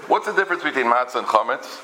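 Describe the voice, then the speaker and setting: A man telling humorous stories in a sermon, animated and full of restarts, peppering his talk with Hebrew and Yiddish terms. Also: mid-range voice, racing, slight background noise, low-quality recording. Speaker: rabbi giving a talk. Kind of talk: storytelling sermon.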